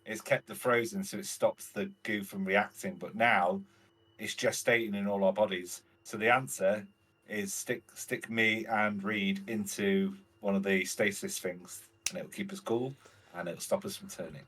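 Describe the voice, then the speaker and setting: A man's voice: fairly low pitch, fairly even intonation, unhurried, fairly bright tone, slightly rough, poor audio. A man playing in a tabletop game, chatting casually and thinking aloud with hesitations. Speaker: player.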